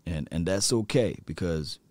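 A man hosting a sports stream, telling slangy, excitable stories and laughing often. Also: low voice, normal speed, no room sound. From rural area. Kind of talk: animated sports talk.

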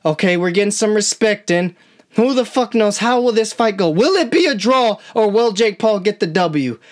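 A woman giving amateur live reaction commentary on a boxing match, excitable and slangy, often talking straight to the fighters. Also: medium pitch, moderate pace. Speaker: channel host, amateur commentator.

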